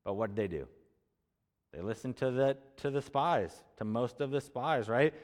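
Conversational preacher, long hall reverb. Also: male voice, mid-range voice, normal speed. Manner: conversational, asks rhetorical questions, then answers them. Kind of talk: expository sermon with scripture reading.

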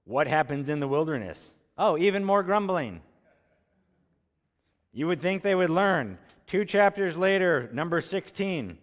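A man's voice: a little high, animated, a little slow. A man preaching an expository sermon, reading scripture aloud and talking in a conversational way, asking rhetorical questions and then answering them. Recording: long hall reverb.

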